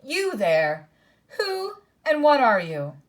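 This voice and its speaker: A woman voicing a shrewd old male scholar with a dry, measured politeness. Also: a little high, animated, bright, forceful tone, pitched above the performer's own voice.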